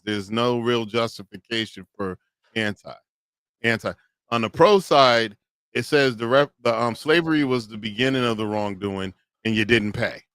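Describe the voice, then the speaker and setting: A man co-hosting a reaction podcast, arguing his point through animated storytelling. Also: medium pitch, smooth, no echo. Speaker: podcast co-host. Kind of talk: casual reaction commentary.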